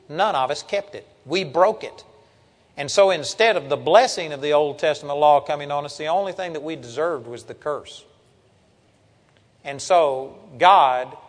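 An older man preaching a sermon with an earnest, homespun warmth, stopping now and then to read Bible verses aloud. His voice sits a touch high for a man. A long reverb trails after his words.

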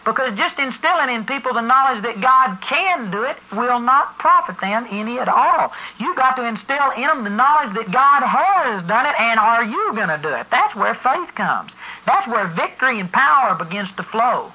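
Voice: mid-range voice, big pitch swings, moderate pace, hardly any pauses. A preacher giving an emphatic sermon to a congregation that answers back, driving points home and spelling words out for stress. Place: church service before a congregation. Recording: dull lo-fi recording.

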